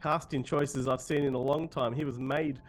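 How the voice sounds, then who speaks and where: A man's voice: medium pitch, steady tone, normal speed, soft background music. A man interviewing a film director, asking questions with fan-like enthusiasm. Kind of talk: press interview.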